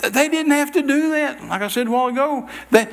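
A male preacher telling stories in a sermon-style talk, animated, acting out quoted dialogue and often repeating his words. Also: very high voice, a little fast.

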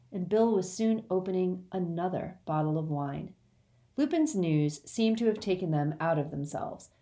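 A woman narrating a storybook aloud in a measured, expressive way. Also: deep voice. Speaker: audiobook reader.

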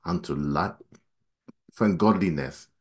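A man preaching a sermon, his voice climbing for emphasis and then dropping low and quiet, reading scripture at a quick clip. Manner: dynamic preaching, voice rising high then dropping low and soft.

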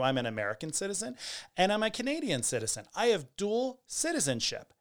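A man in his forties tells a personal story straight to camera, in a loose, conversational way that pauses and restarts. His voice is smooth and clear and sits a little on the high side. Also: sing-song. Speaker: vlogger telling a personal story.

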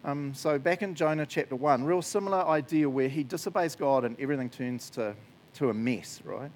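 A man's voice: fairly high pitch, a little fast. A man giving a casual, joking sermon, often laughing as he talks. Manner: chatty, jokey, laughs often. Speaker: preacher.

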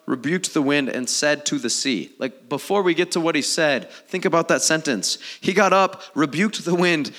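A man preaching a sermon as pastor, swinging from quiet, low asides to loud, raised outbursts. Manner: animated, swings from low and soft to loud and high.

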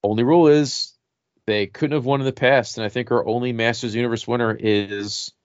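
A man's voice: mid-range voice, steady tone, a little fast, clean tone, no room sound, muffled recording. A man hosting a casual comedy podcast, loose and profane, laughing often. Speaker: podcast host.

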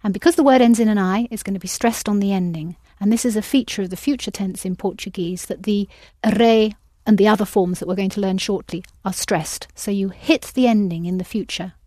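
A woman's voice: mid-range voice, a little fast, hardly any pauses, mellow, dry recording, clean studio sound. Patient woman teaching a language class. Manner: patient, prompting and correcting students. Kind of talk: audio language lesson.

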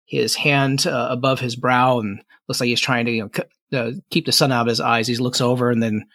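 A man narrating as game master, halting with fillers and restarts as he describes the scene. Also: medium pitch, flat delivery, a bit bright, no echo, studio quality.

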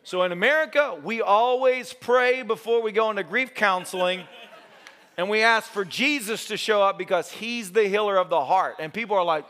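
A man's voice: high voice, a little fast. A male pastor preaching a sermon, telling a story with jokes and acting out quotes. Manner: animated, joking, acts out quotes. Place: church sanctuary.

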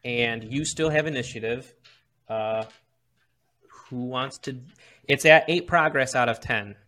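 A man's voice: medium pitch, measured pace, pushed and bright. A man narrating as game master of a tabletop game, explaining rules with frequent restarts.

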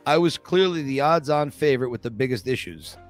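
A man's voice: mid-range voice, lively intonation, brisk, faint music behind. A man reading a first-person memoir chapter aloud as a podcast host, with light laughs now and then.

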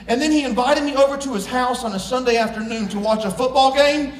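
Animated high-voiced preacher in an echoey church. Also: male voice, quick pace, hardly any pauses, recorded from a distance. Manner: animated, jokes with the congregation, swings from hushed to shouting. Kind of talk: sermon. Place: church sanctuary. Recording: echoey room, voice from off-mic.

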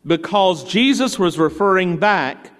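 A man's voice: high voice, animated, unhurried, a bit bright, long reverb tail. A male pastor preaching a sermon in a conversational storytelling way, with playful asides, in a church.

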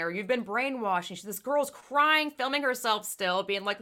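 A woman hosting a casual talk show, speaking fast and emphatically, swearing freely and acting out the people she quotes. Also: fairly high pitch, sharp tone. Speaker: podcast host. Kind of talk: casual chat.

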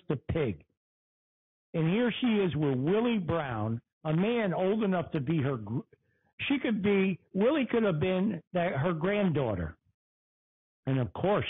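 A man's voice: on the high side, husky. A man hosting his own talk show, ranting furiously and profanely, repeating phrases for emphasis. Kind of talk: angry political rant. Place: Connecticut. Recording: tinny phone-like sound.

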